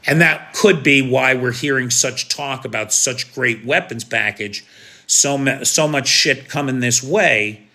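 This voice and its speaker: A man's voice: medium pitch, a little slow, sharp tone. An American man giving live, opinionated news commentary in a conversational way, often asking "right?". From United States.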